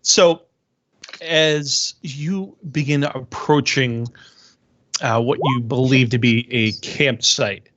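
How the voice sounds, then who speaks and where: A man acting as game master, calmly explaining rules and describing scenes to his players. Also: mid-range voice, slow. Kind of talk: running a tabletop game over a call. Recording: lo-fi audio with steady hiss.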